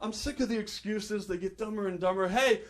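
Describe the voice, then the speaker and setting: A man's voice: high voice, fairly even intonation, a little fast. A young man from New Jersey doing a stand-up comedy set on a club stage, wry and self-deprecating, with hesitant asides.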